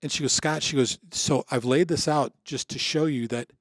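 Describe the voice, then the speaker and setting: A man's voice: fairly high pitch, normal speed, dry recording, clean studio sound. A man in his sixties from Michigan, a podcast guest telling a personal story in casual conversation, acting out what others said with lots of restarts. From Michigan, USA. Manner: animated storyteller acting out dialogue, many restarts.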